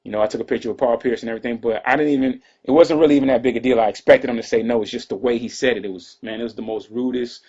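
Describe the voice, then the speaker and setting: A man tells a personal story in a quick, husky voice, drawling and looping back through asides and restarts. His voice comes through a dull, lo-fi livestream recording. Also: medium pitch, fairly even intonation, a little mellow. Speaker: rapper telling a story to fans. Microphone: livestream computer mic.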